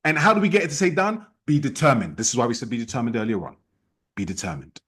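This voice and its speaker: A man leading an online sales team training, talking in a forceful, repetitive, challenging way. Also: medium pitch, big pitch swings, rapid-fire, husky. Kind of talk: motivational training talk.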